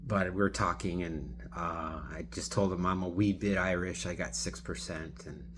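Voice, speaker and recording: A man who drives for a ride app telling a story in a rambling, casual way, often clearing his throat. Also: low-pitched, fairly even intonation, moderate pace, noisy background. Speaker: rideshare driver.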